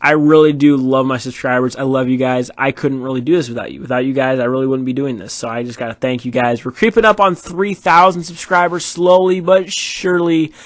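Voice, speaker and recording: A man's voice: mid-range voice, little pitch movement, brisk, hardly any pauses, no echo, studio quality. A tired man doing casual, rambling commentary over his football video game match, with many fillers. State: tired, yawning. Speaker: gaming YouTuber.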